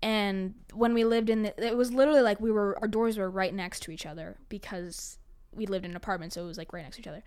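A woman's voice: mid-range voice, fairly even intonation, fast talker, a little mellow, clean tone. A young woman from New York telling personal stories in a chatty, dramatic way, with frequent laughs and lots of "like" fillers. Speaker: storyteller. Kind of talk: casual storytelling monologue.

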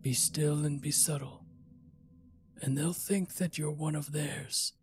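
A man voicing a weary, sorrowful stranger in a horror story, giving quiet, flat warnings. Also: fairly high pitch, slow pace, faint music behind, voice pushed up. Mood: resigned. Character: weary, sorrowful male stranger stuck between worlds.

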